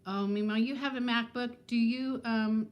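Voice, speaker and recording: A woman's voice: fairly high pitch, fairly even intonation, moderate pace, highs cut off. A woman in her fifties chatting casually on a live stream from home, talking to viewers by name and laughing often. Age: 50s. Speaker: vlogger hosting a live stream.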